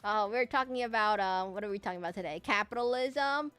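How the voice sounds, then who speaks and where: A woman's voice: mid-range voice, brisk, fairly bright tone, clear, resonant tone, no echo, soft background music. A woman VTuber streamer chatting casually with her viewers, rambling and repeating herself. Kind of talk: casual live-stream chat.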